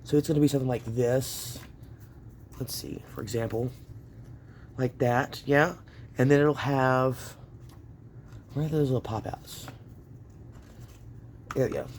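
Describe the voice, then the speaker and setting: Unhurried and pausing often, this man speaks at medium pitch in a slightly mellow voice, with a little hiss or hum audible. He hosts a casual crafting tutorial at home for his craft channel, chatting to viewers, laughing often, and talking to himself as he works.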